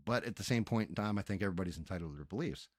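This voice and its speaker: Male streamer, lowish voice, dry headset sound, profane exasperated rant. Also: racing, darkish tone, no echo. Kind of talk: casual ranting stream chat.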